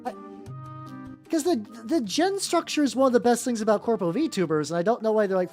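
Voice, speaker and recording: A VTuber streamer, male, talks casually while painting miniatures, his voice high-pitched, animated, a little fast and slightly mellow. He rambles, swears freely and often, and keeps restarting sentences. Faint music plays in the background.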